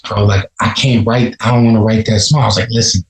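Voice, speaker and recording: A man's voice: lowish voice, steady tone, brisk, roomy sound, rough recording. A man from Chicago, a rapper, telling stories in a casual, profane podcast interview. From Chicago, USA. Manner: laid-back, profane, storytelling. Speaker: rapper guest.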